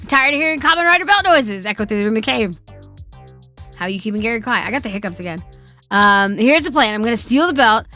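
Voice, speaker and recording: Female streamer host with a bright, fairly high voice, loose and profane. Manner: chatty, laughs often, swears freely. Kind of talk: casual chat.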